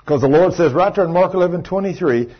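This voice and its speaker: A man preaching a folksy, emphatic sermon, his voice a touch high and husky. The sound is dull and lo-fi, like an old recording. He drops plain conversational asides between his points. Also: fast.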